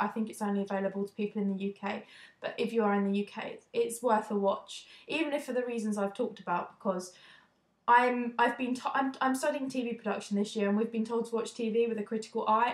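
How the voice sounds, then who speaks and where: A young woman from the UK giving a casual, indignant opinion vlog, talking quickly and often restarting her sentences. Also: a little high. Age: young adult. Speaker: vlogger. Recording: echoey room.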